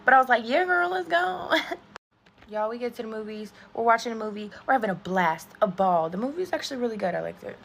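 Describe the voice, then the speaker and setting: A woman telling a storytime to camera, swearing a lot, animated and calling her viewers y'all. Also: mid-range voice, rapid-fire, few pauses, a little hiss or hum. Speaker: content creator. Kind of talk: storytime vlog.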